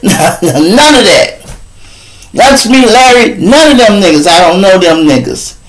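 Animated profane man telling a street story. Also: a little slow, low-quality recording. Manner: animated, swings between loud outbursts and low asides; heavy profanity and street slang. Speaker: host of a live street show.

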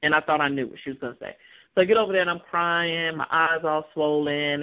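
Woman guest, lively personal storyteller who laughs through it and mimics others; muffled lo-fi sound. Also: sits low, quick pace. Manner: animated, acts out voices of people in her story; laughs often while talking.

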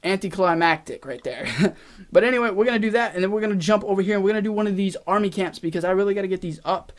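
A young man hosting a gaming channel, rambling excitedly to viewers as he plays a mobile strategy game and comments on each move. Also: high voice, very fast. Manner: excitable, rambling, talks to viewers while playing. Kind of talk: casual gameplay commentary. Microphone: face cam.

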